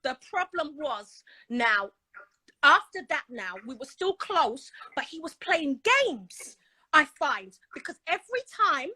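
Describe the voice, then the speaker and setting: A woman tells a long personal story, excitable and dramatic, slipping into the voices of the people in it. Her voice sits very high and sounds bright and forceful. The sound is dry and close. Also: unhurried, no echo, poor audio. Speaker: caller telling her story. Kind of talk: animated storytelling on a live stream.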